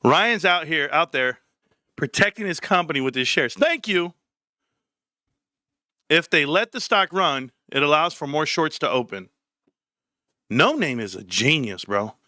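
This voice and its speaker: A man hosting a casual livestream, bantering with chat in an animated, profane way. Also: a little high, a little slow, pauses often, no room sound, studio quality. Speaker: livestream host.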